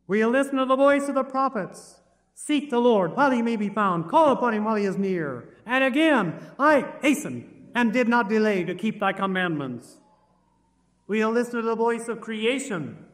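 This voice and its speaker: A man's voice: high voice, a bit bright. A man preaching a sermon, pleading urgently and repeating words for emphasis. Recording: reverberant hall.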